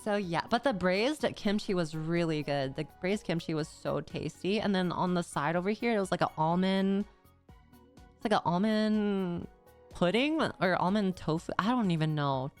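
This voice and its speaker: Young female streamer, casual rambling chat; low-ish, smooth tone over faint music. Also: moderate pace. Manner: rambling, casual slang, frequent "like". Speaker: VTuber streamer.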